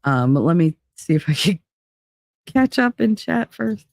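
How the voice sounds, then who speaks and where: A woman's voice: lowish voice, very animated, a little slow, creaky, darkish tone, no echo, clean studio sound. A woman chatting casually on a live stream, talking bluntly and swearing, with frequent laughs. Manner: blunt and profane, laughs often.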